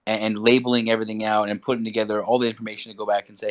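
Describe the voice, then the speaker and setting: Man, low voice, earnest team member on a call, stumbles and restarts. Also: little pitch movement, very fast. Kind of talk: casual group voice chat.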